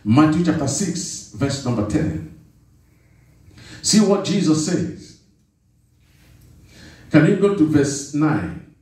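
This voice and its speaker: A male pastor preaches a sermon in a high, swooping, slightly mellow voice, very animated yet slow, with long pauses. He hammers points home by repeating phrases and calls on the congregation to answer back. Heard from far off the mic, his words echo through a big church hall.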